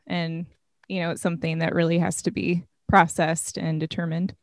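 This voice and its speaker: A woman's voice: fairly low pitch, little pitch movement, normal speed, no room sound, studio quality. A woman in a casual faith conversation, talking reflectively with many "you know" fillers.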